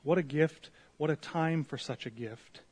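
A man's voice: fairly high pitch, a little slow. A man preaching an earnest devotional sermon and prayer, full of rhetorical questions, his voice swelling and dropping. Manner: earnest, rising and falling in loudness, rhetorical questions.

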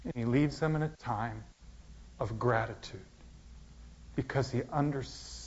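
A male pastor preaching a sermon, swinging from loud emphasis down to near-whispers. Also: mid-range voice, measured pace, slight background noise. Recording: dull, lo-fi sound.

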